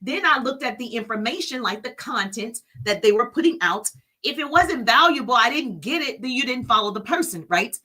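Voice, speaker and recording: A woman's voice: fairly high pitch, lively intonation, a little fast, pushed and bright, husky. A middle-aged woman business coach hosting a live stream from her phone, energetically hyping viewers by name and teaching.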